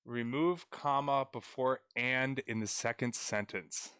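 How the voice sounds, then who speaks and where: A man's voice: mid-range voice, takes it slowly, fairly bright tone, smooth, dry recording. Casting: young man, tutor on live stream, chatty and playful, dry close mic. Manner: chatty, playful, addresses chat viewers directly. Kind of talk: live-streamed grammar lesson.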